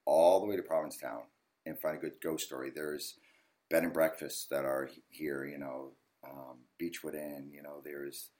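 A man, a ghost hunter guest telling stories in a casual interview, animated and lively. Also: rumbling low. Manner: animated storyteller, acts out yelling at the TV.

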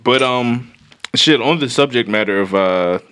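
A man's voice: medium pitch, measured pace, fairly bright tone, clear, resonant tone. A man co-hosting a casual podcast chat, reacting briefly and steering to new topics.

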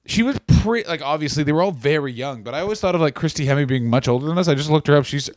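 A man's voice: on the high side, animated, racing, darkish tone, dry recording, studio quality, faint music behind. Profane, incredulous podcast co-host man. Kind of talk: casual comedic chat.

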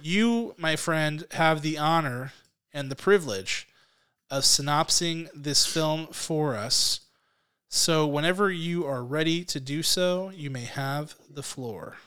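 A man's voice: a little high, takes it slowly, sharp tone, clean tone. A man hosting a casual podcast movie review, enthusiastic and leading the talk. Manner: enthusiastic, leads the discussion. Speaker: podcast host.

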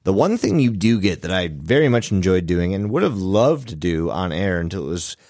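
A man's voice: low voice, sing-song, a little fast, a little mellow, dry recording, clean studio sound. A man hosting a casual podcast chat, loose and profane, with many filler words. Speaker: podcast host.

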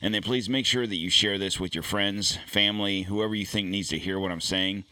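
Fairly quick and forceful, a middle-aged podcast host with a lowish, steady voice chats casually from his home studio. His tone is bright and clean through the studio podcast mic, and he rambles, jokes, and uses many fillers.

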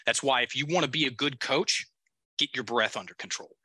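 A male coach speaks bluntly in a very bright and forceful voice. He drives each point home with emphasis. The recording is close and dry. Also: medium pitch, a little fast, breathy edge, no room sound. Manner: emphatic, blunt, with casual swearing. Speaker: guest executive coach. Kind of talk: podcast conversation.

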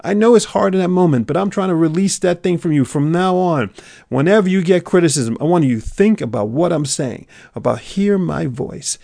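A man's voice: a little high, brisk, vocal fry, dry recording. Intense motivational man, dry close sound. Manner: preachy, swings from loud urging to hushed near-whisper. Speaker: motivational speaker. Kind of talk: motivational monologue.

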